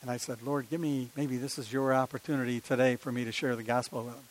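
A man's voice: mid-range voice, steady tone, quick pace, poor audio. An older man, preaching a sermon in a conversational style with many rhetorical questions and personal stories.

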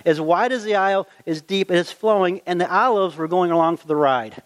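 A middle-aged man recounting a memory from his youth, folksy and lively, who slips into the voices of the people in his story. His voice sits a touch higher than most men's. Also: a little fast. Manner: animated, folksy storytelling with acted-out quotes. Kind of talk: personal anecdote, told aloud.

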